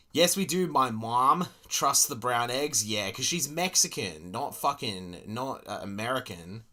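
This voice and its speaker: A man's voice: medium pitch, lively intonation, unhurried, hardly any pauses, pushed and bright. A young Australian man streaming, ranting casually and profanely with sarcastic asides while reacting to a video.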